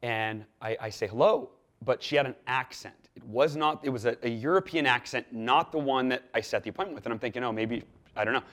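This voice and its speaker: A man guest on an interview show, telling a story in a lively way and acting out the quoted dialogue. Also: mid-range voice, fast talker, few pauses. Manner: animated, acts out quoted dialogue with lively swings in loudness. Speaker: podcast guest.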